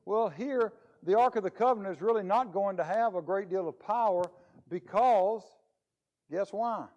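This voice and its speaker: A man's voice: sits high, moderate pace, darkish tone, lo-fi sound. Man preaching in a chatty class. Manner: chatty, asks rhetorical questions. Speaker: preacher teaching a Bible class. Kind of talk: conversational Bible lesson. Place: church.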